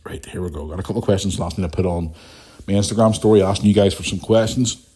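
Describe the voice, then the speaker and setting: A young man hosting a casual podcast, reading listener emails and chatting in an animated, sweary way. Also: deep voice, fast talker, husky. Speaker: podcast host.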